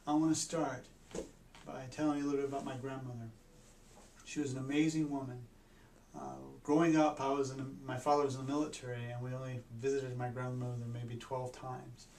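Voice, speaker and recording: A man, a doctor, telling a personal story in an earnest, halting way, with many restarts. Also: mid-range voice, little pitch movement, darkish tone. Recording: echoey room, mic at a distance.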